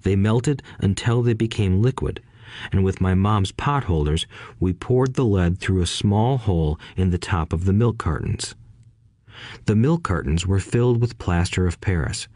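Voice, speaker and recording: This is a first-person childhood memoir read by a man whose voice is very low and deep, delivered calmly and evenly like an audiobook. It's recorded up close, dry, with no trace of the room.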